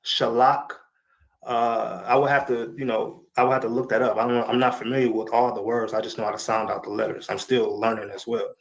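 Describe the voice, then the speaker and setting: A man's voice: medium pitch, flat delivery, brisk, gravelly, rough recording. A man speaking as a guest on a video call, informal and casual, pushing back with questions. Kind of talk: casual debate on a stream call.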